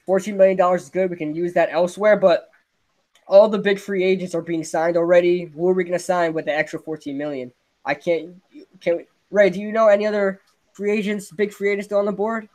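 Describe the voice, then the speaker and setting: A young man hosting a casual sports podcast, ranting excitedly and laughing often. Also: high voice, brisk. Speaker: podcast host.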